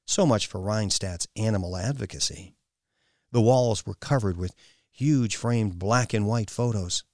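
A man narrating a novel, with an expressive, swooping delivery. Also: on the low side, no echo, studio quality. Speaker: audiobook narrator. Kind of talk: scripted narration.

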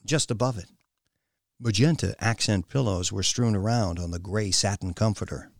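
A man narrating a novel, with an expressive, swooping delivery. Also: on the low side, moderate pace, vocal fry, dry recording, clean studio sound. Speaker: audiobook narrator. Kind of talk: scripted narration.

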